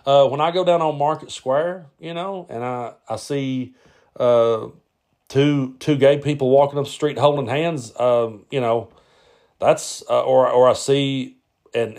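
A man's voice: medium pitch, unhurried, a little mellow. A man, hosting a podcast and answering listener questions in a casual, rambling way full of "uh"s and restarts. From Appalachian Kentucky-Tennessee border. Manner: rambling, frequent "uh" and repeats. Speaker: podcast host.

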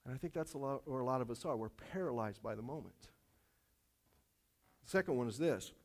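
A man preaching a sermon to his congregation, animated and repetitive, dropping light self-aware jokes along the way. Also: mid-range voice, brisk. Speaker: pastor.

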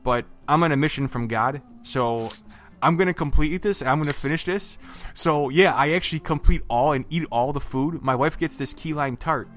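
A man co-hosting a podcast, telling a vacation story in a lively, chatty way with lots of fillers and acted-out quotes. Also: on the high side, moderate pace, soft background music. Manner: animated storyteller, acts out quotes, many fillers and restarts. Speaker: podcast co-host.

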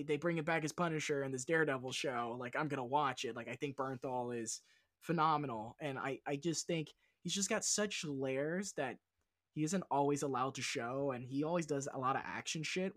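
A man's voice: on the high side, normal speed, fairly bright tone, dry recording, clean studio sound. A man talking as a guest on a casual film podcast, rambling and swearing enthusiastically as he goes off on tangents.

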